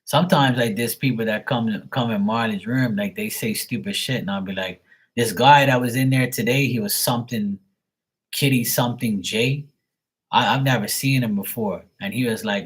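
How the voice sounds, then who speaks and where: A man's voice: medium pitch, normal speed, slightly rough. A man hosting a livestream, recounting chat trolls in a profane, mocking, rambling way with frequent laughter. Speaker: livestream host.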